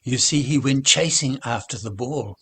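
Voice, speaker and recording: A man doing a grieving old grandfather, husky and halting. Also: mid-range voice, sharp tone, full character voice. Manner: halting, stammering, subdued. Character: grieving older grandfather, once grumpy.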